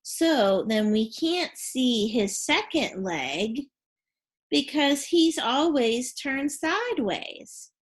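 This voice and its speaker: Teacher voice: woman, very slow and lively, spells out sounds for kids. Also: sits high. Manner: slow, clear, sounding out letters and prompting questions. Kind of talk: phonics lesson for young children.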